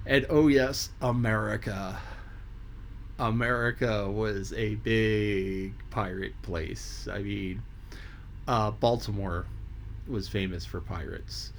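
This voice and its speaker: A man's voice: fairly low pitch, a little hiss or hum. Man reading aloud and chatting loosely. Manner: loose, rambling asides full of fillers. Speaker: audiobook reader. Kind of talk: reading a classic novel aloud with casual commentary.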